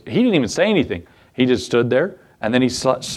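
A man's voice: medium pitch, fast, hardly any pauses. Folksy man teaching the Bible. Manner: folksy, asks the listeners rhetorical questions. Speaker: pastor.

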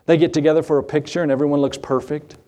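A man preaching a sermon as pastor, emphatic, repeating key phrases and asking rhetorical questions, moving between raised passages and quiet asides. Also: a little high, steady tone, quick pace.

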